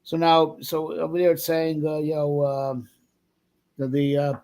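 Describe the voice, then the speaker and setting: Male rabbi, casual lesson delivery, rambling with fillers; slightly raised pitch, gravelly texture. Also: monotone, a little slow, a little mellow. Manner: rambling, many fillers and 'right?' checks. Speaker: rabbi teaching.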